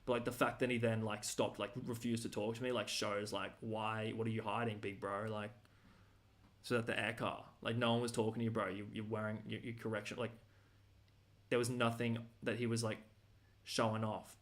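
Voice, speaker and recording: A man's voice: fairly low pitch, flat delivery, normal speed. An Australian man ranting casually, rambling and slangy with lots of fillers and restarts.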